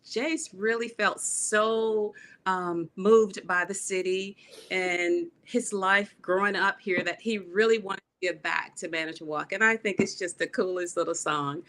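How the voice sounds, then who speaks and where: A woman's voice: medium pitch, steady tone, a little slow, a bit bright, a little hiss or hum. A woman in her sixties from Mississippi with a Southern accent, chatting as a guest in a drawling, laughing way. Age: 60s. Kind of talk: casual chat.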